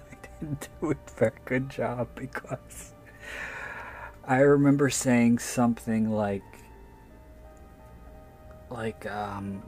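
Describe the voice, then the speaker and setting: A man's voice: mid-range voice, darkish tone. A man, an author, telling a story in a candid, self-deprecating way and swearing freely. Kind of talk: casual anecdotal storytelling.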